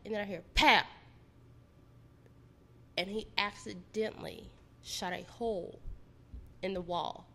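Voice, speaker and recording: A woman's voice: mid-range voice, steady tone, takes it slowly, long pauses, fairly bright tone. A woman telling her own story in a casual, candid and profane way.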